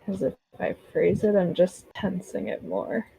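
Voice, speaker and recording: A woman in relaxed late-night chat, easygoing and quick to laugh. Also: medium pitch, gravelly, husky. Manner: laid-back, laughs often.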